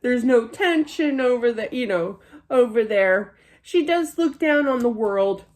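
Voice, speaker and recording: A woman's voice: on the high side, expressive, measured pace, a little mellow. A middle-aged woman giving a psychic reading, chatty, with many fillers and frequent laughter. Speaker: psychic medium. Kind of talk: spiritual reading monologue.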